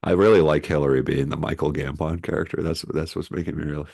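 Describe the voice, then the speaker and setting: Deep gravelly man, rambling laid-back podcast chat, dry close mic. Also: steady tone, quick pace, darkish tone, no echo. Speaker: podcast co-host. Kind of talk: casual comedic chat.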